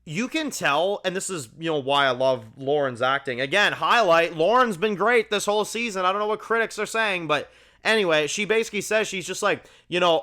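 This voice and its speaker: A man's voice: on the high side, lively intonation, brisk, sharp tone. A man hosting his review channel, talking through a TV episode in a loose, enthusiastic way, full of "like" and "you know". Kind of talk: casual spoken episode review.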